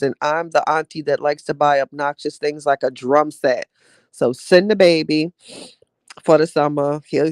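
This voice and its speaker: A woman's voice: low voice, darkish tone, no echo, studio quality. A woman hosting a podcast, talking casually and heartfelt with her listeners, chatty and drawling, often calling them "child" and "y'all". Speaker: podcast host reading live chat.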